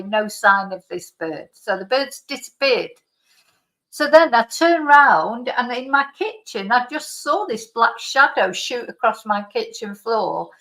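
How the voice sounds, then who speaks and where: Woman vlogger, bright tone, chatty rambling storyteller, home setup. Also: medium pitch, poor audio. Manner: rambling, digressive, with many asides. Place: at home by a computer.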